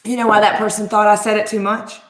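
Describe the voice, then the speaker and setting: A woman in her forties talks straight to camera as a life coach, lively and emphatic, throwing out rhetorical questions. Her voice sits at a middling pitch, and the recording carries a roomy echo. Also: fast talker. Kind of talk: motivational talk to camera.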